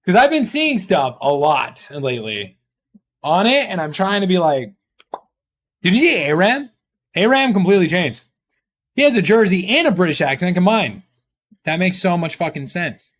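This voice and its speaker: Animated high-voiced male streamer. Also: normal speed. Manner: rambling, joking, swearing, reading chat aloud. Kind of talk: casual live-stream chat.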